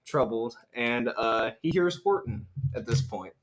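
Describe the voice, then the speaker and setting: A young man with a medium-pitched, animated voice casually recaps a film as a podcast co-host. He rambles through the story with jokes, tossing in quick quotes from the characters.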